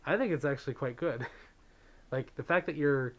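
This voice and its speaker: A man chats easily on his livestream, reading out viewer messages and thanking donors along the way. He talks with a relaxed stream of ums and likes, at a middle pitch. The feel is loose and unscripted. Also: normal speed, muffled recording. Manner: chatty, thanks donors, many fillers. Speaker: livestream host. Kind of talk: casual chat with viewers.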